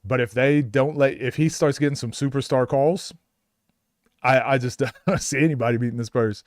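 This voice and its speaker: A man's voice: medium pitch, moderate pace, no room sound, clean studio sound. A man from Oklahoma chatting casually on a live stream, answering viewers' questions, laughing often and acting out quotes. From Oklahoma, USA.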